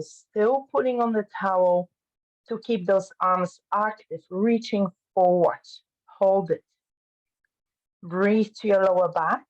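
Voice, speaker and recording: Woman calmly cueing a pilates class. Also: medium pitch, lo-fi sound. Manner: calm step-by-step cueing. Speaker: pilates instructor. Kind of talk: guiding an online fitness class.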